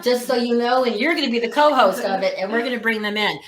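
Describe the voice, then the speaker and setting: A woman's voice: fairly high pitch, fast, slight background noise. A woman hosting a community talk show, encouraging her guest and running the breaks. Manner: warm, encouraging, gushing. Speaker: host. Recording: echoey room.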